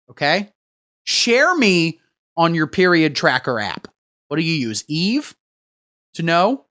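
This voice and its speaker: Crude, rambling male comedy streamer. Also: a little high. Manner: rambling, crude deadpan riffing while reading chat. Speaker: livestream host. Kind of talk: satirical livestream comedy rant.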